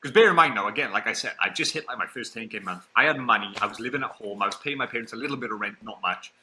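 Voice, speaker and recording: Young man telling a story, very bright voice. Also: fairly low pitch, rapid-fire, a little hiss or hum, poor audio. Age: early 20s. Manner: animated, acts out other people's lines. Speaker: podcast guest. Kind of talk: casual storytelling interview.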